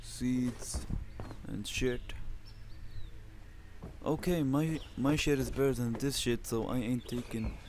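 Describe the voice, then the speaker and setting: A man from Lebanon hosting his own channel, giving excitable, profanity-heavy commentary on a survival game and talking trash at the enemies. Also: mid-range voice, slow, pauses often, a little hiss or hum. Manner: excitable, swears constantly, talks to the enemies. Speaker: gaming channel host.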